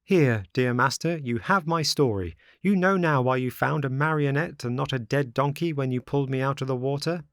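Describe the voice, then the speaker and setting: A man's voice: medium pitch, normal speed, few pauses, dry recording, clean studio sound, voice pushed up, close to an everyday voice. A man voicing a cheeky, boastful wooden puppet boy with a playful, mocking, sing-song manner.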